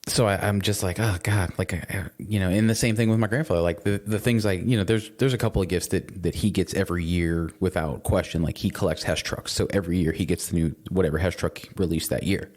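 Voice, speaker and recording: Low-voiced rambling man chatting. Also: steady tone, fast, few pauses, a little mellow. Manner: rambling, many restarts and swearing. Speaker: podcast co-host. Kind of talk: casual chat.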